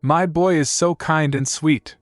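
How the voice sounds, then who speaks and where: A man voicing a booming, scolding male spirit companion in a storybook recap, barking and growling his lines. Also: fairly even intonation, measured pace, no room sound, soft background music, lightly acted.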